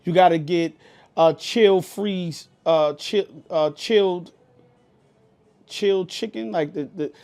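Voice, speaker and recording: A man with a New York accent co-hosting a podcast, telling a story in a loud, animated, profane way. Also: sits high, a little slow, clear, resonant tone. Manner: animated, profane, gets loud and heated retelling anecdotes. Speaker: podcast co-host. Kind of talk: casual podcast chat, storytelling.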